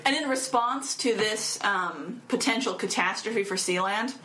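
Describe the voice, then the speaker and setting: A woman casually retelling a story in a chat, animated and laughing often. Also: medium pitch, a little slow, slight background noise. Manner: animated, laughs often, acts out quoted voices.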